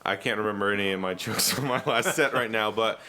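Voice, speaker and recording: A man's voice: on the low side, fairly quick, background noise. A young man, a stand-up comedian, chatting casually as a podcast guest and acting out the voices in his stories. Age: young adult. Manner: animated storyteller, acts out quotes.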